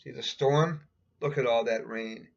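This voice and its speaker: A man's voice: mid-range voice, a little slow, vocal fry. A man casually reading a picture book aloud, adding chatty asides and pointing at the pictures. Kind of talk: casual storybook read-aloud. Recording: dull lo-fi recording.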